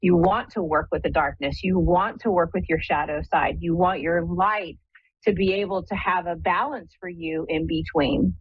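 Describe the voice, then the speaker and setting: A middle-aged woman with a Midwestern American accent hosts a live psychic call-in show. She talks in a chatty, spiritual way, laughs often and keeps asking "right?". Her voice sits a little low and husky, with a dry, dull, lo-fi sound. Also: normal speed, dry recording. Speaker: psychic medium radio host.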